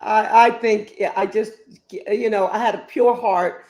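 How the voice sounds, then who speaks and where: A woman in her fifties answers interview questions as a guest author. She talks in an expressive, emphatic storytelling way, and her voice sits in a middle pitch. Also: measured pace. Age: 50s.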